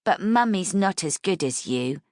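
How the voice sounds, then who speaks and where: A woman voicing an eager young girl who pleads in a high, excited, childlike voice. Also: a little slow, dry recording, studio quality.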